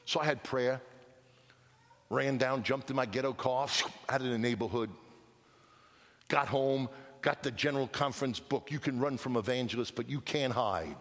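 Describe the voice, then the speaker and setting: A man preaching a sermon, telling a story with hushed lines and emphatic outbursts. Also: medium pitch, expressive, normal speed, pauses often. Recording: long reverb of a large hall.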